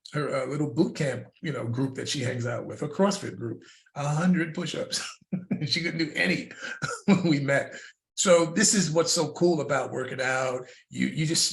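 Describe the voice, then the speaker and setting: An older man coaching fitness, talking in a loose, storytelling way with laughs now and then. His voice sits at an ordinary middle pitch. The room adds a noticeable echo. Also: gravelly. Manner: animated storytelling with laughs and repeated words. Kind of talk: casual instructional talk. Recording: roomy echo.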